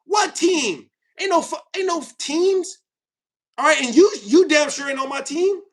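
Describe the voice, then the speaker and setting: A man hosting his own channel, ranting to viewers in a heated, confrontational way, swinging between loud outbursts and quiet asides. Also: very high-pitched, expressive, a little slow. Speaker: channel host.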